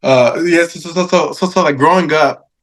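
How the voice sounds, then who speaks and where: A man in his thirties, a podcast guest, telling stories in a casual, animated way, laughing often and acting out what people said. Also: a little high, moderate pace. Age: 30s. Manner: animated, laughing, acts out quoted voices. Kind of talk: casual storytelling interview.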